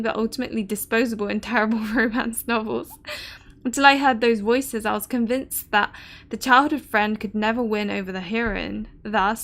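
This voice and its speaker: A woman's voice: mid-range voice, fairly bright tone, close to an everyday voice. A woman voicing a wry, anxious young noblewoman, reading game dialogue aloud in a formal storybook manner.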